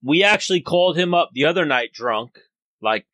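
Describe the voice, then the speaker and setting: A man co-hosts a casual podcast in a bright, slightly high voice. He reads out fight stats in a laid-back way. The sound is close and dry. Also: animated, moderate pace, no echo. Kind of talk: casual chat, fight preview.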